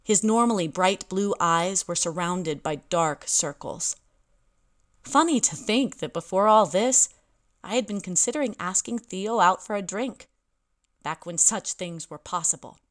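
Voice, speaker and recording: A woman's voice: on the low side, animated, unhurried. A young woman narrating a story in a wry, self-deprecating way. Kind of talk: audiobook narration.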